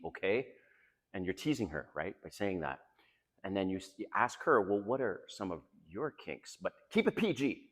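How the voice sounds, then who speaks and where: A low-voiced man talks through dating advice in a chatty, confiding way, his pitch swinging up and down as he goes. He laughs often between points. A long hall reverb trails behind every line. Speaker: dating coach. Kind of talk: casual advice monologue.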